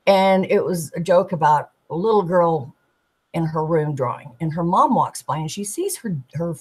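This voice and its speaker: A woman, a tarot deck artist, chatting as a guest and telling animated stories, acting out the people she quotes. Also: lowish voice, normal speed, husky, low-quality recording. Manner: animated storyteller, giggly, acts out quoted voices. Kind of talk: casual storytelling chat.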